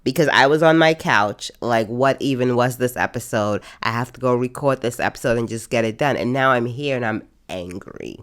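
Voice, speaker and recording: Exasperated low-voiced woman ranting. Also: normal speed, hardly any pauses. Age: adult. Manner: exasperated, ranting, emphatic repetitions. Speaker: podcast host. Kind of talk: casual review podcast.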